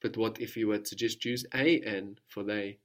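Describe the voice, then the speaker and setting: Patiently coaching a student through a spoken language lesson, a man repeats every answer slowly. He speaks in a lowish, steady voice with a bit of brightness.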